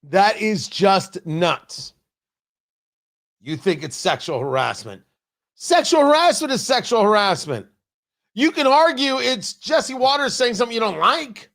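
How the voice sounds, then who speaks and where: A man's voice: very high voice, sing-song, moderate pace, vocal fry, a bit bright. A man hosting a talk radio show, delivering an opinionated monologue with sarcastic, mocking asides from his studio.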